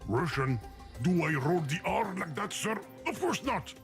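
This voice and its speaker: A fussy, exasperated game character, high and swooping as he pleads and protests. His lively, raised voice rides over loud background music. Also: measured pace, gravelly, heavily acted. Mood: indignant. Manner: pleading, indignant.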